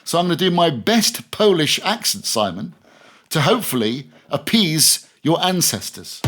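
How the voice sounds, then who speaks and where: Rambling storyteller man, slightly high voice. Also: very animated, normal speed, fairly bright tone, faint music behind. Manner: rambling storyteller, many restarts. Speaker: podcast guest, radio presenter. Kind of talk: casual interview chat.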